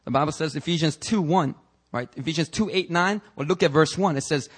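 A male pastor preaching a fervent sermon that rises into shouting, then leading prayer. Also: a little high, a little fast, slightly rough.

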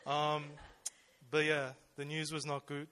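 A man's voice: fairly high pitch, monotone, slow pace, sharp tone, clean tone. A young man speaking at church in a casual, conversational sermon, full of fillers and questions to his listeners. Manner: informal, with many fillers and rhetorical questions.

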